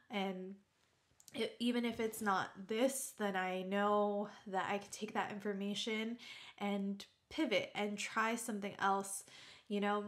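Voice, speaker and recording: A woman's voice: medium pitch, a bit bright. Earnest woman vlogger talking from the heart. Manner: earnest, reflective, halting with restarts. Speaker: YouTuber. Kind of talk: heartfelt talk to camera.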